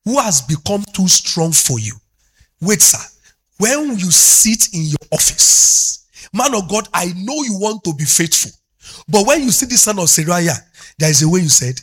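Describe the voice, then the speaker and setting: A man's voice: sits high, sing-song, moderate pace, fairly bright tone, breathy edge. A middle-aged Nigerian man preaching a fervent sermon as a pastor, moving between English and Yoruba.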